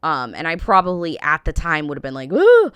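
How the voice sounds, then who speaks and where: American woman in her 30s, low smooth voice, says like a lot, dry close sound. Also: brisk, sharp tone, no echo. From United States. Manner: rambling, heavy use of "like" and "um". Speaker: reaction vlogger. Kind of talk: casual opinionated chat.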